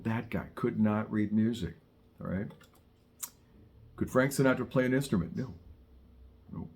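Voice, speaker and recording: A man's voice: on the low side, fairly even intonation, normal speed, pauses often, darkish tone, muffled recording. A middle-aged man teaching saxophone in a casual, chatty way, wandering into wry asides and digressions. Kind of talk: casual spoken lesson. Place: studio in Southern California.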